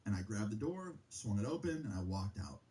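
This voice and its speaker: A man's voice: on the low side, big pitch swings, brisk, mellow, low-quality recording. A young man telling a personal story in a heated, casual way, swearing freely. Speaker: streamer.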